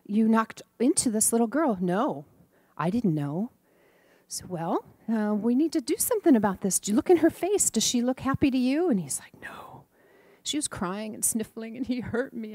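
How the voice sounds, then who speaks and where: Middle-aged woman, storytelling sermon, gentle and animated with hushed asides, mid pitch, dry sound. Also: no room sound. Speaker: speaker giving a church talk.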